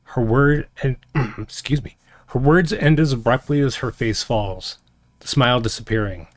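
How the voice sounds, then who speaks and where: A man's voice: mid-range voice, normal speed, no room sound. Dry, close-miked man narrating. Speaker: game master and host. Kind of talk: solo tabletop game narration on a stream.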